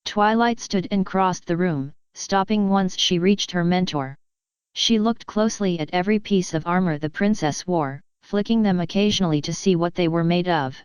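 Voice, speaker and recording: A woman reads a story aloud in a steady, even narrating voice that sits slightly low. Her delivery is very smooth and clear. The recording is dry and close, with a dull, lo-fi tone. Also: normal speed, no echo. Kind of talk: audiobook narration of fan fiction.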